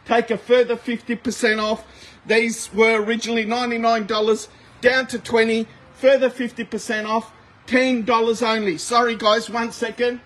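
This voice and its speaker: Very high-pitched and a bit bright, this man's level voice carries his livestream from an outdoor warehouse sale. He rattles off prices at speed while chatting with viewers, captured on a noisy, windy outdoor phone recording.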